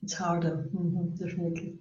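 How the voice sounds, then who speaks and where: A woman's voice: fairly low pitch, monotone, a little fast, a little mellow, slight background noise. A woman with a mixed French and German accent, a guest coach speaking in a casual interview, laughing often and searching for words. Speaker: guest, life and career coach. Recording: distant, roomy, dull video call audio.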